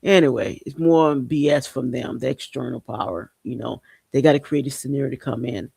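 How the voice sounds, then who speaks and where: Blunt gravelly podcast man. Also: mid-range voice, fairly quick, darkish tone, dry recording. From Haiti. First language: Haitian Creole. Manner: blunt, profane, rambling with many restarts. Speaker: podcast host. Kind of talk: casual opinion commentary.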